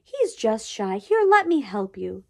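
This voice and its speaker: A woman voicing a prim schoolteacher who scolds her class gently, in a storybook reading. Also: a little high, sing-song, unhurried, vocal fry, exaggerated voice. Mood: scolding. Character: prim, patient female schoolteacher.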